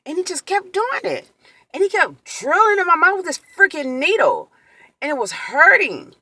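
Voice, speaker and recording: A woman telling an emotional personal story in a vlog, animated and full of quoted exclamations. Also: high-pitched, normal speed, husky, dry recording. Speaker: vlogger.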